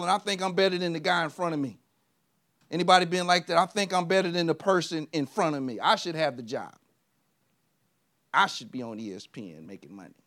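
A middle-aged American man preaching a lively sermon, telling personal stories and swinging between loud punches and quiet asides. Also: high voice. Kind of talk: energetic sermon.

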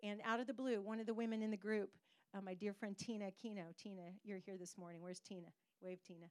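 A middle-aged woman pastor preaching a sermon, telling a personal story in an animated way with pauses for emphasis. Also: mid-range voice, clean tone, no room sound.

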